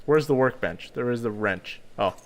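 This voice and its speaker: A man's voice: medium pitch, expressive, normal speed. A man giving casual let's-play commentary with chatty, self-mocking asides.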